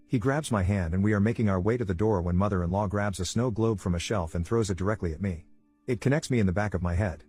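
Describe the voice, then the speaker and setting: A man narrating a first-person reddit story in a brisk, even reading voice. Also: lowish voice, slightly rough. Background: faint background music.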